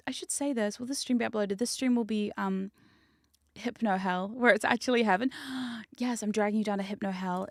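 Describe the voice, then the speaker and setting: A woman streaming hypnosis content, chatting casually and teasingly with her live chat, sometimes dropping into soft whispers. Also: mid-range voice, no echo, clean studio sound. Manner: playful, teasing, rambling, drops into soft whispers. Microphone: studio condenser mic.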